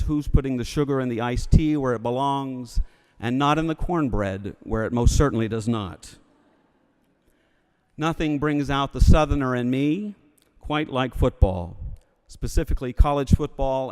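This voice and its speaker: A man's voice: medium pitch, normal speed, a little mellow, smooth. A man from Alabama with a Southern accent, giving a humorous sermon as a preacher in a church. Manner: wry, humorous storytelling. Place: church sanctuary. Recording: long reverb of a church hall.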